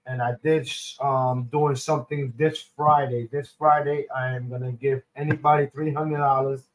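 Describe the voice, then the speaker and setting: A young man with a New York accent and a mid-range voice chats casually with his viewers as a streamer host. He's loose and slangy, with lots of ums and restarts, and the audio quality is poor.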